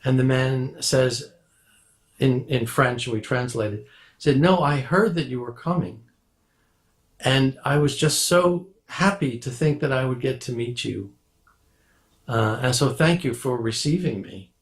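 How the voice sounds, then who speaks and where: Guy with a normal mid voice, calm measured storytelling. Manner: measured, drops to a soft low voice. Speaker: disciple recalling his teacher. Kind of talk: reminiscing anecdote.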